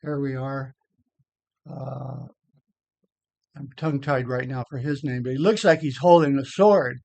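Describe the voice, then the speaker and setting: A man's voice: mid-range voice, measured pace, gravelly, warm tone, no echo. An older man rambling casually over photos of an old hike, blunt, with many repeated words. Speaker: vlogger.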